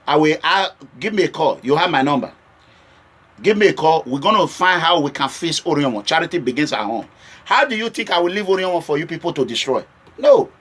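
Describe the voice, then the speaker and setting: Impassioned Nigerian man, high and bright. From Edo State, Nigeria. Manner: impassioned, switching between warning and pleading. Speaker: political vlogger. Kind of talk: direct-to-camera political address.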